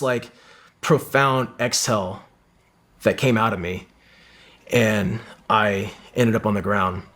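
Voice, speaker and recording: A man's voice: medium pitch, a bit bright. A middle-aged man, a former Marine sniper, telling a vivid combat story in casual talk, with lots of swearing and acted-out quotes. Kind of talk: casual war story in an interview.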